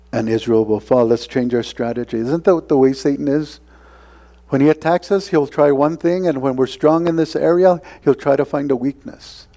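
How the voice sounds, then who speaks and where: A man's voice: mid-range voice, warm tone. A man preaching a sermon, retelling a scripture story casually, with frequent tag questions and chuckles.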